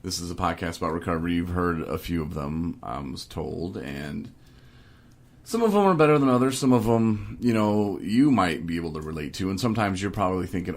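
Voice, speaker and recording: A man's voice: low-pitched, animated, brisk, gravelly. A man hosting a casual podcast, rambling and joking, often laughing. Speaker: podcast host.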